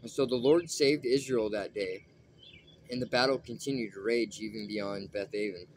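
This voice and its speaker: A man reading scripture aloud at a steady pace, with a few small slips. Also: fairly low pitch, normal speed, a little hiss or hum. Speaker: Bible reader.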